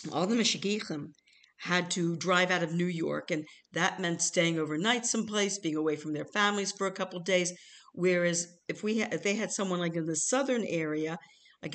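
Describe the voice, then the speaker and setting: An older American woman telling family stories to her child, chuckling and acting out the people in them. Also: fairly low pitch. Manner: animated, chuckling, acts out voices in her stories. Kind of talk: casual storytelling.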